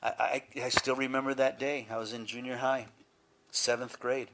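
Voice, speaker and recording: Bright-voiced older pastor preaching. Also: male voice, medium pitch, little pitch movement, moderate pace. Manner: storytelling, chatty, many "you know"s. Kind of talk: sermon.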